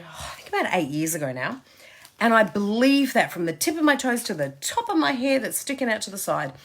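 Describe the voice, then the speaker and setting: Animated, emphatic woman coach. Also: a little high, breathy edge. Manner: emphatic and chatty, repeats phrases for stress. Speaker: success coach. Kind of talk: motivational Facebook Live talk.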